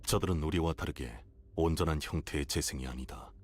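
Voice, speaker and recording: A man's voice: extremely low pitch, racing, darkish tone, a little hiss or hum. A man voicing a cold, grave male game character in recorded dialogue, with a clipped delivery.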